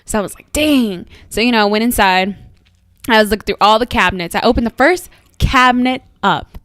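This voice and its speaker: A woman co-hosting a podcast, telling a story in casual chat with animated delivery and frequent laughter. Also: on the high side, a little fast, no room sound, studio quality. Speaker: podcast co-host.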